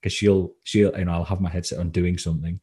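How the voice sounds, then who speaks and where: A man's voice: deep voice, little pitch movement, fast, dark tone, slightly rough. A man from England, a coach being interviewed on a podcast, talking casually with many ums and restarts. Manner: hesitant, lots of ums and restarts. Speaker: confidence coach guest.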